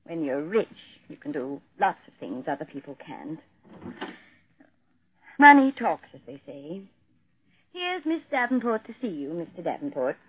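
A woman's voice: deep voice, sing-song, measured pace, long pauses, a little hiss or hum. An actress in a vintage radio drama playing a firm nurse who scolds her stubborn old patient. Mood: matter-of-fact. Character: brisk, firm private nurse. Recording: tinny old radio broadcast.

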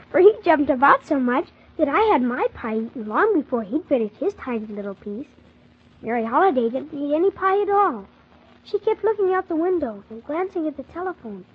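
Brief: earnest little boy, played by a woman, high voice, storybook narration, lo-fi. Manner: earnest, polite. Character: polite young orphan boy narrating. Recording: dull lo-fi old recording.

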